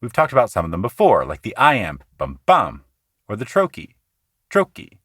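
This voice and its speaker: Earnest lower-voiced man teaching poetry. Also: big pitch swings, fairly bright tone, breathy edge, no echo, clean studio sound. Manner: earnest, explanatory, slows down to recite lines rhythmically. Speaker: podcast host teaching poetry. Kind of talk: explanatory poetry lesson.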